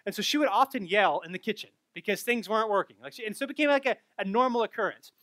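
Bright high-voiced man preaching. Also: fast, no room sound. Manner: animated storytelling, rising loud at punchlines. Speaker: pastor. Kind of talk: sermon with personal stories.

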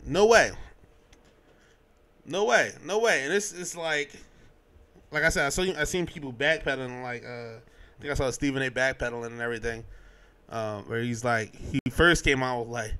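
A young man hosting a podcast, giving his sports opinions in a casual, animated way, full of slang and restarts. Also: mid-range voice, fairly quick, clear, resonant tone. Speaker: podcast host.

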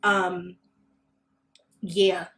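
Animated, foul-mouthed woman telling a story. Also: very slow. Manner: animated, swearing, acts out quotes with big jumps in pitch. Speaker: podcast co-host. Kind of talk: casual storytelling chat.

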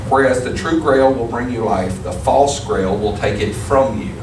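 A man voicing an ancient, frail male knight who speaks slowly and gravely. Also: mid-range voice, noisy background, lightly acted. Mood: solemn. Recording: roomy hall from far off, audible ambience.

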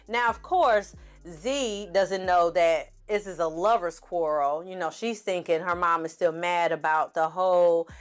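A woman's voice: on the low side, smooth. A woman giving a sassy, chatty recap of a TV series and acting out the characters' lines as she goes. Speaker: TV series reviewer. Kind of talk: casual recap commentary.

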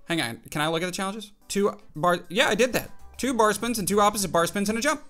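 Excitable young man playing a game. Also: high-pitched, fast talker, faint music behind. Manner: excitable, jumpy, talks to himself while playing. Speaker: gaming channel host. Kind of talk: casual mobile game commentary.

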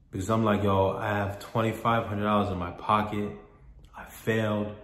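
A man's voice: fairly low pitch, little pitch movement, a little fast, reverberant. A man vlogging a personal story in a candid, profane, rambling way, often repeating himself. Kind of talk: casual storytelling monologue.

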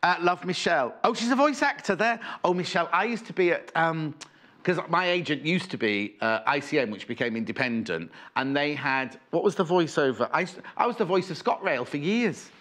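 A man hosts a live shopping broadcast from a studio, chatting freely and wandering off topic between sales pitches. His voice sits a little high and swings widely in pitch. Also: lively intonation, a little fast, fairly bright tone. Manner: chatty, rambling, reads out viewer messages. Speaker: shopping channel presenter. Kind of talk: live TV selling chat. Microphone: earpiece and presenter mic.

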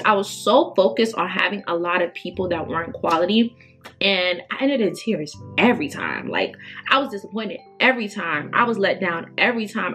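A woman's voice: medium pitch, a bit bright. A woman in her early twenties chatting casually to camera as a beauty vlogger, emphatic and full of fillers. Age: 20s.

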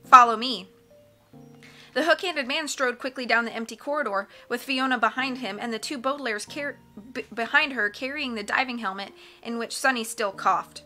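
A woman reads a children's novel aloud as an audiobook, steady and expressive. Her voice is bright and a touch high. Faint music sits in the background. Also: fairly quick. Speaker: audiobook reader. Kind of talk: audiobook narration.

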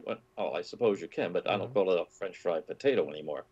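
Low-voiced man telling food stories. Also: quick pace, hardly any pauses, slightly rough. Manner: animated storytelling with many fillers and restarts. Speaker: food writer guest. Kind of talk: interview conversation. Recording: dull lo-fi audio.

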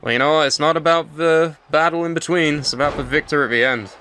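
A man giving excitable, crude play-by-play commentary on a wrestling match. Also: on the high side, fast talker, a little hiss or hum. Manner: excitable, crude, theatrical calls.

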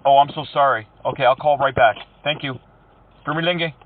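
A man's voice: mid-range voice, a little fast. A man making prank phone calls, talking in a mocking, teasing, playful way. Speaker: prank caller. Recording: tinny phone line.

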